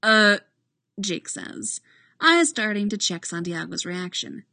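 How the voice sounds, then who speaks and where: A woman narrates a story at an unhurried pace, and her voice moves in lively rises and falls. It is recorded dry and close, with no room sound. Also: lowish voice, vocal fry, dry recording. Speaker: reader. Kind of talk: reading fan fiction aloud.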